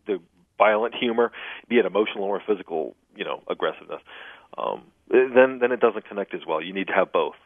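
A man being interviewed as a humor expert, explaining jokes in an animated way and laughing at his own punchlines, heard over a phone line. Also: lowish voice, no room sound. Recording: dry, tinny phone line.

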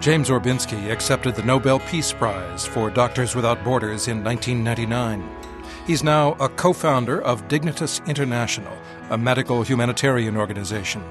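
A male radio host reading a scripted introduction and asking interview questions in a smooth, even broadcast manner. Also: medium pitch, brisk, over music.

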